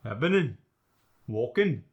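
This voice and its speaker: A man's voice: medium pitch, very animated, vocal fry, dull audio. A Scottish man demonstrating the pronunciation of single words one at a time for an accent lesson. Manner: slow, drawn-out single-word examples.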